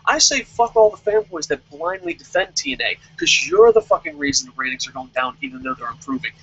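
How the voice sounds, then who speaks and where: Young guy ranting about wrestling, swears a ton, gravelly and husky, dull lo-fi sound. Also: high voice, wildly swooping pitch, a little fast, a bit bright. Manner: profane, heated, ranting. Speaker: wrestling show reviewer. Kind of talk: angry rant in casual chat.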